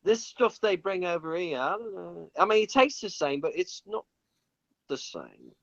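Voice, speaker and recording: Man, American accent, joking casual chat, slightly high voice, muffled dry recording. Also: animated, normal speed, creaky, a bit bright, no room sound. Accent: American, with a put-on British voice at times. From England. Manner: joking, teasing, chatty. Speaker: show co-host.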